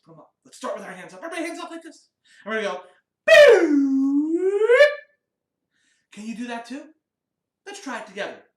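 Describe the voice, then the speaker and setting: Male children's music teacher, upbeat and encouraging, animated delivery, recorded off-mic in a reverberant room. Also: high voice, far from the mic. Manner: upbeat, encouraging, speaks to kids. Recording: roomy, off-mic, guitar behind.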